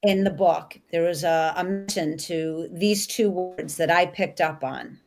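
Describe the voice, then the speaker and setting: A woman's voice: fairly low pitch, unhurried, creaky, darkish tone, faint music behind. A woman co-hosts an interview and asks long, winding questions. She sounds earnest and enthusiastic throughout. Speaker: co-host.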